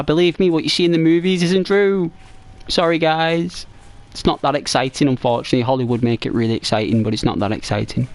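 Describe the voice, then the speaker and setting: An English man giving casual, rambling gameplay commentary as a streamer. He often repeats and restarts phrases, and his voice climbs and gets animated when he tells stories. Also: on the high side, quick pace. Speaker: gaming streamer.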